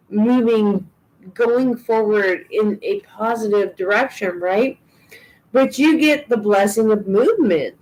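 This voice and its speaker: A woman's voice: fairly high pitch, a little mellow, rough recording. A woman giving a live tarot and oracle card reading, chatty and reassuring, with frequent ums and restarts. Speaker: tarot reader.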